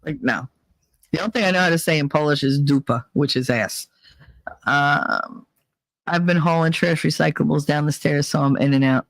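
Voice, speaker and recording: A man's voice: fairly high pitch, moderate pace, vocal fry, a bit bright, no room sound, rough recording. A middle-aged man from New Jersey with a New Jersey accent, hosting a live stream in rambling, profane casual chat, laughing often. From New Jersey, USA.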